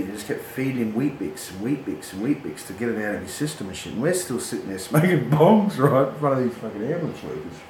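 A man's voice: medium pitch, fast, hardly any pauses. Swearing Australian man telling a yarn. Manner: swearing, animated, laughs at his own yarns. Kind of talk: casual storytelling. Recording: echoey room with clear background noise.

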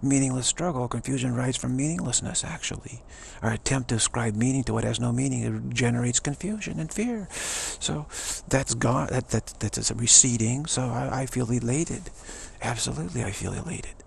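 Gravelly, upbeat middle-aged man. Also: medium pitch, animated, normal speed, few pauses, a little hiss or hum. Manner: enthusiastic, repetitive, chuckling often. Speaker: speaker giving a pep talk. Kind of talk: rambling motivational monologue.

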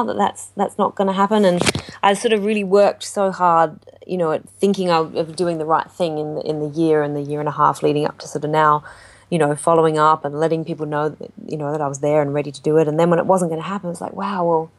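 Woman, low voice, lively anecdote-teller, interview guest. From Australia. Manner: animated storytelling with acted-out quotes. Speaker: jazz singer guest. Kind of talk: casual interview chat.

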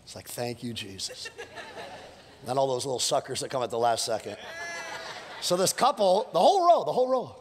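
A male pastor preaching a sermon, telling stories with playful asides and building to fired-up calls, his voice a little hoarse from preaching several services. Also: mid-range voice, fast. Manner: animated, storytelling with playful asides and rising exhortations. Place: church sanctuary. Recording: long church hall reverb.

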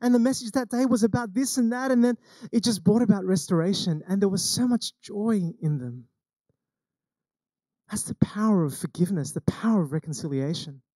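A man's voice: sits high, fairly quick, hardly any pauses, mellow, no echo. An Australian man preaching a sermon as senior pastor, telling stories in a conversational way and acting out the quoted lines. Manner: conversational storytelling with acted quotes.

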